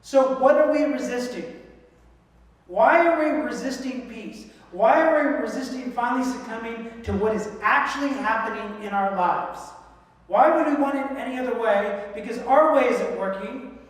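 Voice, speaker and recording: A man giving a joking, animated sermon in a church hall, heard from a distance. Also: very high-pitched, normal speed. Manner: animated, joking, acts out voices in quotes. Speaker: guest speaker. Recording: echoey hall from far off.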